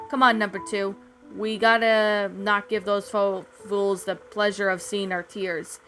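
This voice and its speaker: A woman's voice: medium pitch, little pitch movement, unhurried, music in the background, close to an everyday voice. A woman voicing a bold, sassy girl operative who talks tough. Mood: feisty. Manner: sassy, fierce.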